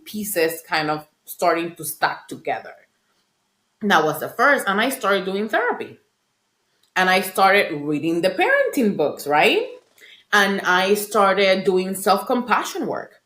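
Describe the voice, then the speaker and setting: A middle-aged woman working as a parent coach shares her own story in a reflective, earnest way. She often tags her points with a quick "right?". Her voice sits a little low, and the sound carries a noticeable room echo. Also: expressive, a bit bright. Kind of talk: personal storytelling in a conversation. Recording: roomy echo.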